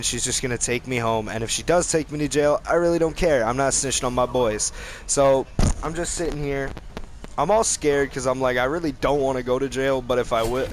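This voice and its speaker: A man's voice: mid-range voice, a bit bright, a little hiss or hum. A young man vlogging, telling a rambling, profane story in casual slang.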